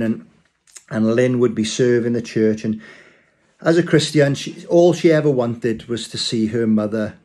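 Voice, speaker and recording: A man's voice: medium pitch, warm tone. A man giving an informal, rambling sermon-style talk to his church, telling a story with frequent restarts. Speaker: church speaker.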